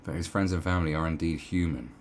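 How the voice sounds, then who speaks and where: Deep-voiced sarcastic man. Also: fast, a little hiss or hum. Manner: sarcastic, swearing, mocking asides. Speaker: online commentator. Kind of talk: casual commentary reading an article aloud.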